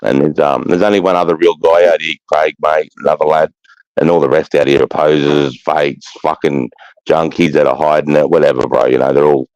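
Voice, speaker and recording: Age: 50s. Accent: Australian. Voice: very low, dark, profane rambling man. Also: steady tone, fairly quick, no echo, rough recording. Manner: rambling, profane, blokey storytelling. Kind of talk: casual chat.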